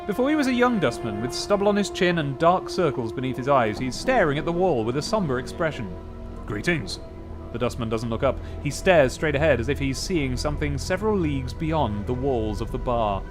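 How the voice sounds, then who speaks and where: A man's voice: mid-range voice, very animated, fairly quick, few pauses, over music. A man playing a role-playing game, reading its text aloud and thinking through his choices in a casual, musing way. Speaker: let's play host.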